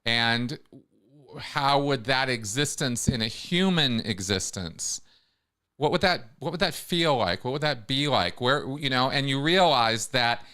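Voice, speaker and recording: A man's voice: medium pitch, unhurried, pushed and bright, clean tone. A man hosting a casual livestream chat, rambling with many restarts. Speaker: host.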